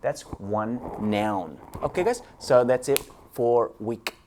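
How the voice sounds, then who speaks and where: A man's voice: medium pitch, takes it slowly, darkish tone, a little hiss or hum. A man teaching an English grammar lesson, explaining step by step and often calling his students "guys".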